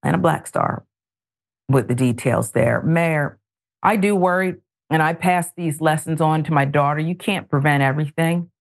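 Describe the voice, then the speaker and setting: A middle-aged woman hosting a news talk show, reading stories and adding pointed, animated commentary. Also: deep voice, normal speed, creaky. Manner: animated, editorializing with pointed asides.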